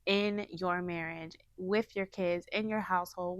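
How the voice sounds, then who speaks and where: A woman's voice: fairly low pitch, moderate pace, few pauses, a bit bright, dry recording. A woman giving a heartfelt, chatty personal testimony about faith and family to her viewers. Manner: earnest, heartfelt, chatty with many fillers. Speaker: faith vlogger sharing a testimony. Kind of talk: casual personal testimony to camera.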